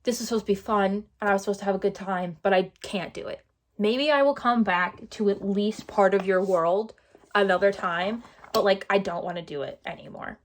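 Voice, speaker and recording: A woman's voice: mid-range voice, normal speed. A woman vlogging a casual book review, exasperated and sarcastic, repeating herself for emphasis.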